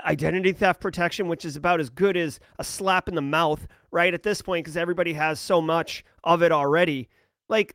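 Tech host, male, high voice, dry close sound, sarcastic and exasperated rant. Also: fairly bright tone, no room sound. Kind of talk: ranting commentary on news.

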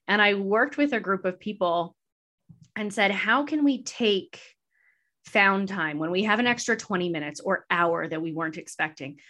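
A woman's voice: mid-range voice, normal speed, sharp tone. A woman podcast host answering interview questions in a candid, reflective way, laughing easily. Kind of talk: casual conversational interview.

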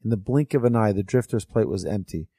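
A man's voice: lowish voice, lively intonation, brisk, warm tone, slightly rough, no echo, studio quality. Earnest man teaching a parable. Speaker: religious teacher. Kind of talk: storytelling lesson.

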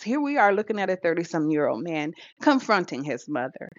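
A woman's voice: lowish voice, expressive, brisk, hardly any pauses, no room sound. A woman co-hosting a podcast in casual chat, chatty and laughing often, with hesitant fillers. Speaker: podcast co-host. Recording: dull lo-fi recording.

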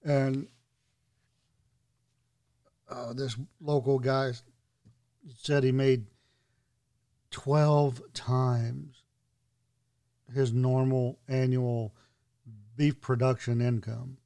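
A man's voice: medium pitch, level tone, drawn-out words, pauses often, warm tone. Wry, sarcastic man telling stories. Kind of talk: casual chat.

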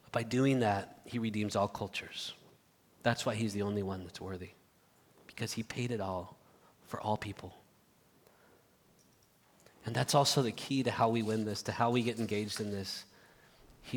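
A man preaching a sermon in a church, earnest and halting, swinging from loud appeals to hushed asides. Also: medium pitch. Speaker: pastor. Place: church sanctuary. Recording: reverberant church hall.

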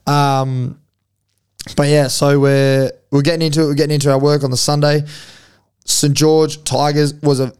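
A man's voice: fairly high pitch, level tone, normal speed, a little mellow, clean tone. A young Australian man co-hosting a podcast, talking in a laid-back, slangy way and swearing freely. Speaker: podcast co-host. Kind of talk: casual chat.

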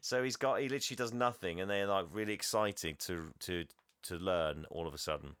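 A man's voice: low-pitched, fairly quick, a bit bright, clear, resonant tone, dry recording. Rambling man retelling a film. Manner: rambling, laughs often, acts out lines. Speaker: podcast co-host. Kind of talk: casual chat retelling a film.

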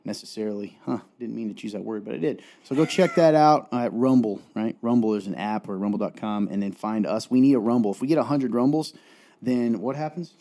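A man's voice: fairly low pitch, fairly quick, warm tone. A man co-hosting a podcast, talking casually and directly to listeners in an upbeat, rambling way as he signs off. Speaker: podcast co-host.

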